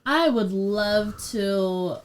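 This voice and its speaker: A young woman talking casually as a podcast guest. She tells stories with animation, jumping up into a high put-on teacher voice when quoting. Her speech is full of fillers. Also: extremely slow. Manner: animated storyteller, acts out kids and herself in a high teacher voice. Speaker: podcast guest, preschool teacher and MMA fighter.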